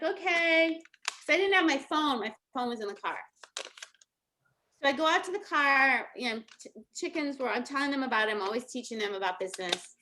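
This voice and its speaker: This middle-aged coach gives a relaxed motivational talk full of laughing, chatty stories. Her voice sits high and sounds pushed and bright, with slight background noise in the clip.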